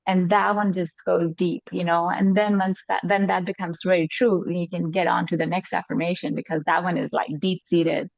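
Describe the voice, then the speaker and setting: A woman's voice: on the low side, little pitch movement, normal speed, creaky, few pauses, dry recording. A woman explaining a personal practice in loose, casual conversation, with lots of "like" and "you know". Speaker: group member sharing a practice. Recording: dull, dry lo-fi sound.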